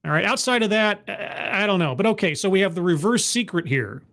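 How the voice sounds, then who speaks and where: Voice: medium pitch, expressive, a little fast, gravelly, a bit bright. A commentary host reacting to a talk clip with sarcastic, mock-earnest remarks and stammered repeats, streaming from home.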